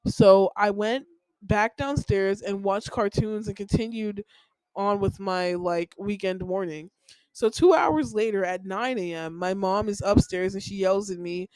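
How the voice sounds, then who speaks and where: A young woman with a mid-pitched voice tells a personal story on her podcast, rambling and heated and full of filler words. The recording is close and dry. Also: unhurried, a little mellow, clear, resonant tone, no room sound, poor audio. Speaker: podcast host.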